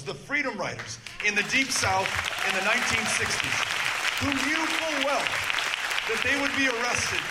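A man answering a question at a town hall, measured and earnest with frequent filler pauses. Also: high voice, heavy background noise. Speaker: politician.

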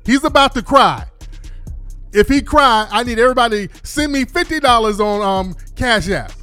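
A man giving blunt, animated commentary to his livestream audience, repeating himself often. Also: very high voice, normal speed, soft background music.

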